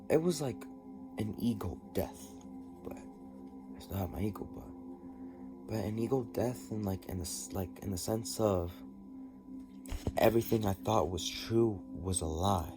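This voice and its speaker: Deep-voiced man rambling over music. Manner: halting and rambling, with many restarts and fillers. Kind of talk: personal diary vlog, recounting an experience.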